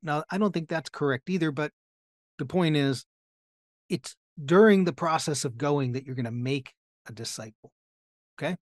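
A man's voice: on the high side, moderate pace, no room sound, studio quality. A man teaching a Bible lesson in an explanatory way, often putting rhetorical questions to his listeners. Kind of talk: teaching sermon.

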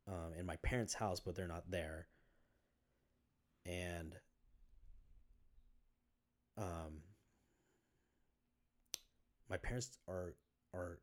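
Telling his own story in a relaxed podcast interview, a male guest speaks with a low-pitched, slightly mellow voice. He stumbles along with many fillers and restarts, swearing casually as he goes.

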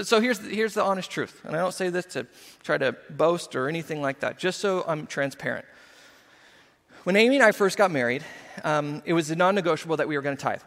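A male pastor preaching a sermon in an animated, emphatic way with conversational asides. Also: on the high side, long reverb tail.

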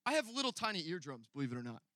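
High bright-voiced male preacher. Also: very animated, very fast, no echo. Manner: storytelling, swinging from quiet asides to loud emphatic peaks. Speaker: pastor. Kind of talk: sermon.

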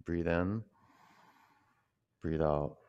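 A man teaching a yoga class, gently cueing breath and poses in a loose, conversational way. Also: sits low, very slow, clean tone, dull audio.

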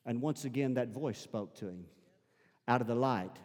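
A man's voice: mid-range voice, moderate pace, darkish tone, long reverb tail. A man preaching a sermon as pastor, emphatic and repeating his phrases to urge the congregation on. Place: church sanctuary.

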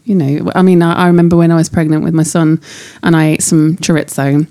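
A woman with a warm, mellow voice, talking casually about family life. She rambles, restarts sentences and fills with "you know". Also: sits low, little pitch movement, brisk. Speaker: divorced mother. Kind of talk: casual chat.

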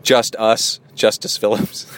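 A man's voice: lowish voice, level tone, slow pace, a bit bright. A man hosting a casual podcast, joking and goofing around as he reads out donations. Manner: playful, joking, goofy asides. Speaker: podcast host.

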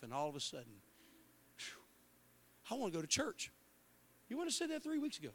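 A male pastor preaching a passionate sermon in a church, moving from hushed words to shouts, with a Midwestern American accent. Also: on the high side. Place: church sanctuary.

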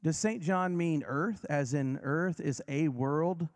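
A man preaching a sermon, emphatic and dramatic, who slows down and speeds up, drops to a near whisper and rises again, and leads his listeners in repeating lines. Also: a little high. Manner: emphatic, varies pace and volume for effect.

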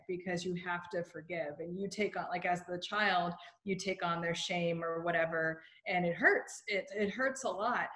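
A woman's voice: fairly low pitch, a bit bright. A woman coach speaking in casual conversation in a supportive, explanatory way. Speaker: coach with clients.

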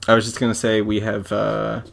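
A man's voice: on the low side, completely flat delivery, brisk, gravelly, slight background noise. A man co-hosting a podcast in casual chat, with dry, teasing remarks. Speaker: podcast co-host.

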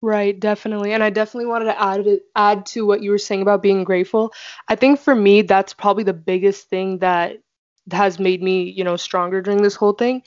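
A woman's voice: medium pitch, level tone, brisk, darkish tone, dry recording. A young woman talking earnestly about gratitude in a casual discussion, with many fillers. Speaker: panelist. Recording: dry dull lo-fi audio.

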